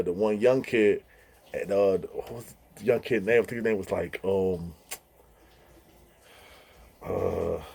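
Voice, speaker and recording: Casual storyteller, male, animated, laughs often, mellow dark voice. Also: lowish voice, slightly rough. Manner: animated, laughing, mimics others' voices in quotes. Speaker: vlogger telling prison stories.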